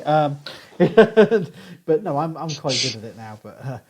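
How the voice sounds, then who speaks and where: A man's voice: mid-range voice, expressive, unhurried, a little mellow, slightly rough, rough recording. A middle-aged man with a Southern English accent, a guest archaeologist telling chatty anecdotes with frequent laughs in a casual podcast conversation. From southern England.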